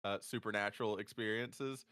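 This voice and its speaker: A man's voice: lowish voice, fairly even intonation, moderate pace, pushed and bright. A man chatting casually, joking around and swearing freely. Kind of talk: casual chat.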